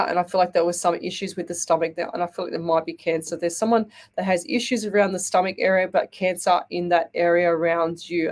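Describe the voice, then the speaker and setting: Woman, slightly low voice, chatty live psychic host who reads out viewer comments and pauses often. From Australia. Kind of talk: live-stream psychic readings.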